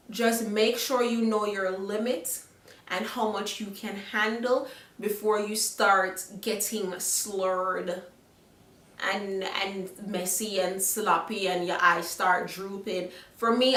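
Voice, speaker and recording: A young Jamaican-accented woman chats frankly to her viewers, her voice bright and forward. She talks casually and checks in with them often. The sound is roomy and a little distant from the mic. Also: mid-range voice. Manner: chatty, frank, asks the viewers "okay?". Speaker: vlogger. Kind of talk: casual advice chat to camera.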